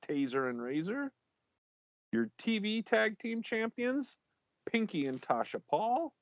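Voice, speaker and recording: A man's voice: on the high side, no echo, muffled recording. A man co-hosting a casual podcast, reading out league champions while stumbling over names and laughing at himself.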